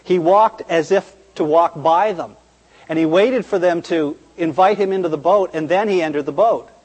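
A man's voice: on the high side, normal speed, a little mellow, breathy edge. A male preacher delivering an earnest, emphatic sermon in a church. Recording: reverberant church hall.

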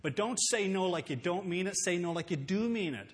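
A man preaching a sermon, earnest and emphatic, slowing down to read scripture aloud. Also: high-pitched, lively intonation. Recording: long hall reverb.

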